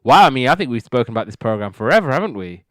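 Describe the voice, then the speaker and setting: A man's voice: medium pitch, big pitch swings, very fast, fairly bright tone, dry recording. A British man hosting a casual TV review podcast, enthusiastic and rambling with repeated words. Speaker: podcast host.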